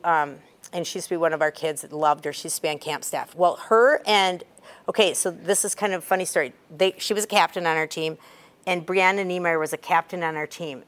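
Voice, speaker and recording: A woman in her fifties, a cheer coach, giving a chatty talk to a group of athletes and telling stories with sudden bursts of emphasis. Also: lowish voice. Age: 50s.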